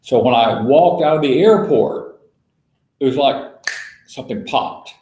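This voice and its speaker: A man's voice: mid-range voice, lively intonation, measured pace, dark tone. Bible study leader, male, folksy storyteller, roomy echo on the recording. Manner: folksy storytelling, spells words out letter by letter. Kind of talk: casual teaching talk to a small group.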